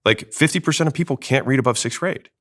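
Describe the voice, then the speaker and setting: A man explaining sales technique in a panel discussion, talking fast and emphatically. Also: mid-range voice, fairly bright tone. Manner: fast, emphatic teaching delivery. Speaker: sales expert guest.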